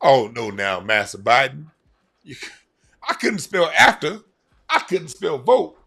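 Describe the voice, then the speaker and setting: A man doing a mocking impression of a raspy man fumbling through a spelling quiz, spelling slowly letter by letter. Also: mid-range voice, huge pitch swings, sharp tone, full character voice. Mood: fumbling, pleading. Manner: slow, halting, spells letter by letter. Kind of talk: mocking impression in a casual vlog.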